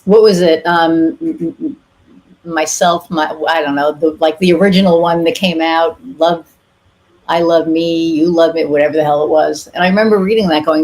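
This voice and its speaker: A woman's voice: low voice, fairly even intonation, moderate pace, a little mellow. A woman podcast host chatting candidly, telling a personal story with casual swearing and lots of fillers. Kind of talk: casual interview chat.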